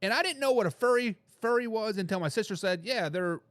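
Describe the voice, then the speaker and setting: A man's voice: high voice, expressive, fast talker, a bit bright, no echo, clean studio sound. A man hosting a casual sports talk show, reading out viewer comments, repeating his points with emphasis and laughing between remarks.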